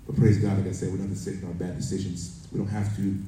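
Deep-voiced man preaching in an echoey hall. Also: level tone, quick pace, dark tone. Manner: conversational preaching with stories and scripture reading. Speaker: pastor. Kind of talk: sermon. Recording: roomy echo from a distance, faint background noise.

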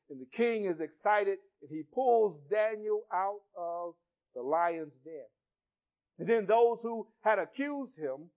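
A man preaching a sermon, retelling a Bible story in an expressive storytelling way. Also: sits high.

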